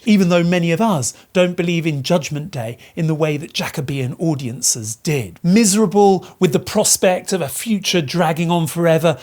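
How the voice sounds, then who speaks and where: A woman narrates a literature lesson in a somewhat low voice. She breaks down the text line by line, leaning on key words and posing rhetorical questions as she goes. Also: a little mellow. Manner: explanatory, emphatic, asks rhetorical questions. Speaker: literature teacher. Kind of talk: educational explainer narration.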